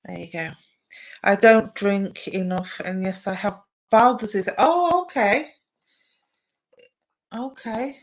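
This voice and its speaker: Speaking slowly and pausing often, a young woman with a mid-range voice chats with her live stream viewers over a rough recording. She does psychic readings and warmly responds to comments, using lots of fillers.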